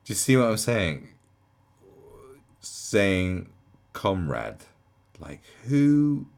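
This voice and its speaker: Gravelly low-voiced man, mocking. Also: very animated, very slow, a little mellow. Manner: incredulous and mocking, with frequent laughter. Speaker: commentator reacting to a video. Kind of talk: casual reaction commentary.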